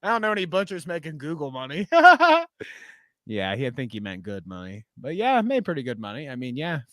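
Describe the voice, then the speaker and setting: A man chatting casually as a podcast co-host, telling animated stories with plenty of swearing and laughter. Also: on the high side, a little fast, no room sound, studio quality.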